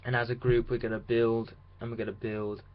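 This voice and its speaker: A man's voice: medium pitch, level tone, a little fast. Young man rambling through a lo-fi vlog. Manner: chatty, rambling, with restarts. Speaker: radio drama student. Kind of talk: casual video diary. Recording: dull lo-fi sound with faint hiss.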